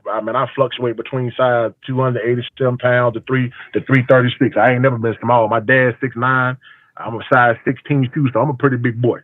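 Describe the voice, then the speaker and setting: A man's voice: medium pitch, no echo. A barber telling stories on a call, quoting his own conversations, with an emphatic delivery. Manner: storytelling with quoted dialogue, emphatic. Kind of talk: call-in testimony. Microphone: phone call. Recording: tinny phone line, dry.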